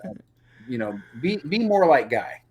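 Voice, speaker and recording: Animated exasperated man critiquing a show. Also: fairly high pitch, moderate pace. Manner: animated, exasperated critic, mocks scenes in put-on voices. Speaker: podcast co-host. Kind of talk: casual show review chat.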